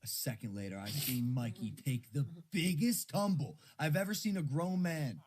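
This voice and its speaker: A man's voice: fairly high pitch, lively intonation, moderate pace, darkish tone, slight background noise. A man co-hosting a casual podcast, telling a rambling story with loose, casual swearing.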